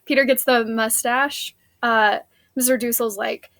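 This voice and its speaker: A woman's voice: a little high, fairly even intonation, measured pace, creaky, a bit bright, dry recording. A woman teacher, recapping a play scene for her students in a casual, chatty way with many fillers.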